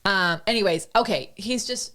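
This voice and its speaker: A woman hosting a casual podcast chat, an excitable storyteller who gushes and acts out her own reactions. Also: mid-range voice, moderate pace. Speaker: podcast host.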